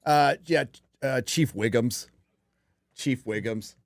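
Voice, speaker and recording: Brief: male livestream host, mid-pitched, loose rambling delivery with frequent swearing, dry close mic. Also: slow, dry recording. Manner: rambling and profane, with many fillers and restarts. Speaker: podcast host. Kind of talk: casual live-stream chat.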